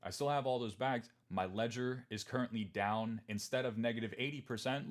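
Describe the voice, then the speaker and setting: A young man with a lowish voice talking markets on a casual livestream. He is candid and emphatic, calmly reassuring his viewers. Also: moderate pace, hardly any pauses. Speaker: trading streamer.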